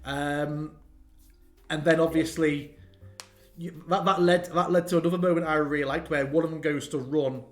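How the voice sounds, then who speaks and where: A man runs through his favourite campaign moments in lively, casual chat. His voice sits a little high. He acts out quotes and swears freely. Faint music plays underneath. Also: moderate pace. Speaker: game master.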